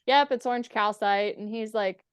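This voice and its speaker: Young woman, podcast guest, chatty and profane, smooth clear voice, dry sound. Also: fairly high pitch, fairly even intonation, normal speed, no echo. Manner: candid, profane, acts out quoted dialogue. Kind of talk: casual storytelling interview.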